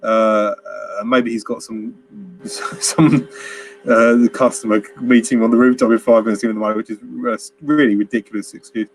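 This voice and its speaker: A man's voice: mid-range voice, steady tone, normal speed, faint music behind. A man co-hosting a casual film review chat, rambling and laughing as he acts out quotes. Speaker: podcast co-host.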